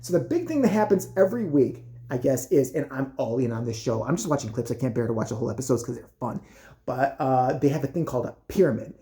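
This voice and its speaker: A woman's voice: rumbling low, animated, fast, dark tone. A woman vlogger ranting in casual, profane comedic commentary.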